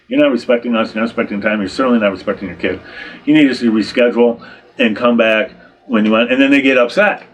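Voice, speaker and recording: A man's voice: mid-range voice, lively intonation, moderate pace, pauses often. Blunt, exasperated male photographer lecturing. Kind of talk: direct-to-camera advice talk.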